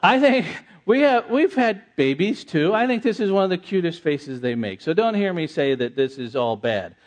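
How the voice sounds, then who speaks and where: Middle-aged preacher guy, high voice that swings all over, chatty with the crowd. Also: normal speed. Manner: animated, conversational, repeats the audience's answers. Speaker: pastor. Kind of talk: interactive sermon.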